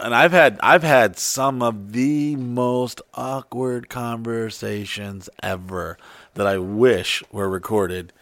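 A man in casual podcast chat, telling rambling stories packed with swearing. He keeps jumping into loud, high-pitched voices to act out the people in them. The sound is dry and close. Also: takes it slowly, dry recording. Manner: animated storyteller, acts out quoted people in loud high voices; frequent swearing. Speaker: podcast co-host.

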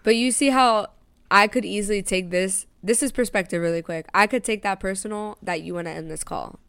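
A woman's voice: mid-range voice, fairly quick, vocal fry, fairly bright tone, clear, resonant tone, dry recording. Blunt, reassuring podcast co-host woman. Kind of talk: casual chat.

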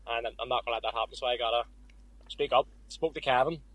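A young Irish man speaking quickly and openly as a podcast guest, telling his story with little quoted asides. The sound is close and dry, with no room around his voice. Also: mid-range voice, fairly bright tone, dry recording, poor audio. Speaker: guest boxer. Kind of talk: casual podcast interview.

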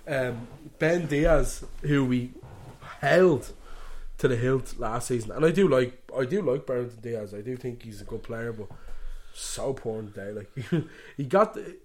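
A man's voice: medium pitch, expressive, measured pace, darkish tone. Man, Dublin Irish accent, young adult, laughing storyteller, casual podcast chat. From Ireland. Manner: laughing storyteller acting out quotes. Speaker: podcast co-host.

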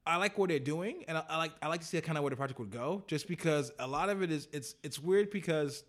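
A man's voice: on the high side, fast talker, fairly bright tone. A man talking casually about music with a friend, rambling and laughing often.

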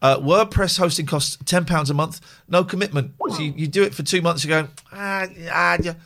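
A man's voice: a little high, a little fast, fairly bright tone. A man hosting a late-night phone-in show, chatting casually, teasing callers and reading sponsor plugs. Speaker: radio phone-in host.

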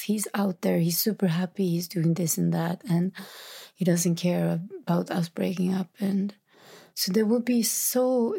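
A woman talking through a recent hard day in a reflective, halting monologue, sometimes dropping into whispery asides. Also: mid-range voice, creaky, mellow, husky. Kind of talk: personal confessional monologue.

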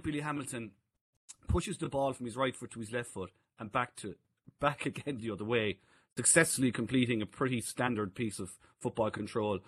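A man's voice: on the high side, pushed and bright, a little hiss or hum. A man co-hosting a podcast, telling amused anecdotes in casual chat. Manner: chatty anecdotes, amused, laughing asides. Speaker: co-host.

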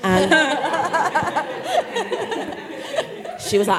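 Over a noisy crowd, a woman with a mid-range voice speaks at an ordinary pace as a guest author in a live podcast interview on a festival stage. Her storytelling is animated, and she imitates the voices of the people in her story.

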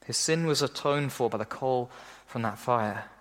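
A man preaching a sermon, animated, often acting out the people he quotes in a lifted voice. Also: moderate pace. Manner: animated, acts out quoted voices in a raised pitch. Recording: long hall reverb.

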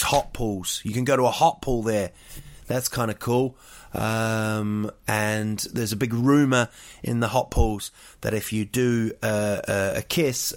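A man from New Zealand with a New Zealand accent, chatting casually and telling rambling, jokey stories full of fillers and restarts. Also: lowish voice. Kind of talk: casual chat.

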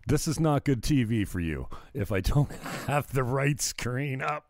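A man's voice: mid-range voice, animated, a little slow, no room sound. A man hosting his own livestream, ranting in a casual, profane, rambling way, often getting sidetracked and laughing at himself. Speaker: livestream host.

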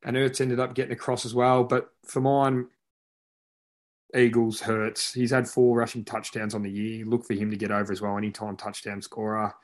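A man's voice: on the low side, completely flat delivery, normal speed. An Australian man co-hosting a podcast, giving sports picks in a matter-of-fact way, full of stats. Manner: matter-of-fact, stat-heavy. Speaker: podcast co-host. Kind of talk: casual sports chat.

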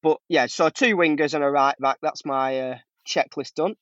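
A man's voice: a little high, moderate pace, fairly bright tone, no echo, muffled recording. A man, a podcast guest, chatting casually about football, laughing easily and restarting his sentences.

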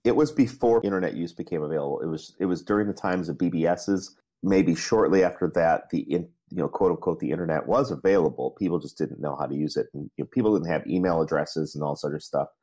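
Man, middle-aged, very deep voice, husky, rambling, self-deprecating. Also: quick pace, dark tone. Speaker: interview guest, entrepreneur. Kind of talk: casual storytelling interview.

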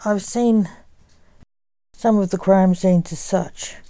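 A man's voice: high-pitched, steady tone, takes it slowly, warm tone, dry recording. A woman voicing a prickly, sardonic magician's partner. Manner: sardonic, hissing.

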